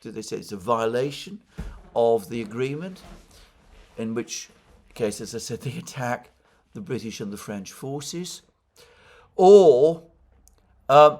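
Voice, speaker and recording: A man giving solo political commentary in a measured, explanatory way. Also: mid-range voice.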